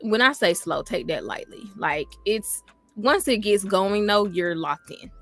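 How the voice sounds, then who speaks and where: A woman co-hosting a podcast in casual chat, gushing and animated, full of filler words. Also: medium pitch, unhurried. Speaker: podcast co-host.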